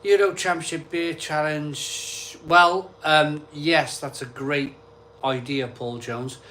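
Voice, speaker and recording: A man's voice: on the high side, steady tone, slow pace, sharp tone, a little hiss or hum. A man hosting a casual live stream, reading out viewer comments and answering them in an offhand, chatty way.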